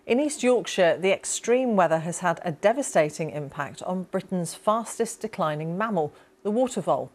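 A woman presenting the news in a measured, brisk way with the odd filler. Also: fairly low pitch, lively intonation.

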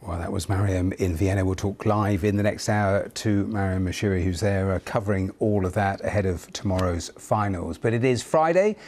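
A man, a news presenter, handing over to reporters in a smooth, conversational way. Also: low-pitched, normal speed, hardly any pauses, darkish tone.

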